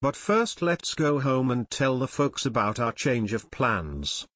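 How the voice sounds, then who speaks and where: A man's voice: mid-range voice, big pitch swings, a little slow, fairly bright tone, no room sound. Eager teen boy detective, read by a man, dry close mic.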